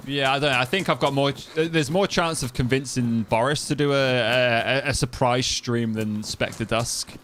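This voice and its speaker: A man's voice: mid-range voice, normal speed, few pauses, fairly bright tone, a little hiss or hum. A young man from the East Midlands of England with an East Midlands accent, chatting casually and rambling while he streams a game. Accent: East Midlands English. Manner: chatty, rambling, trails off and restarts. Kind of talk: casual gameplay commentary.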